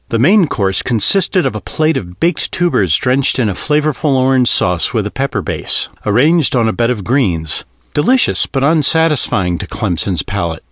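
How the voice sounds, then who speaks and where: A man narrating a science-fiction audiobook in an expressive, varied reading. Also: medium pitch, normal speed, hardly any pauses, no room sound, clean studio sound.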